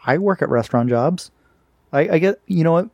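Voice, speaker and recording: A man co-hosting a podcast, chatting casually about a cartoon, animated and laughing as he acts out quotes. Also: fairly high pitch, brisk, gravelly, dry recording. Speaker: podcast co-host. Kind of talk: casual chat recapping a cartoon.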